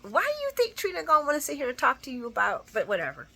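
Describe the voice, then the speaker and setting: A woman hosting a casual soap opera recap, animated and blunt, laughing often and acting out the characters' lines. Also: sits high, fast talker, vocal fry. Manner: blunt and profane. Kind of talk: casual spoken episode recap.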